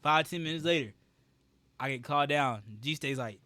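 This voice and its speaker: Young male streamer, casual storyteller; bright, forceful voice, animated and profane. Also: fairly high pitch, normal speed, pauses often, dry recording.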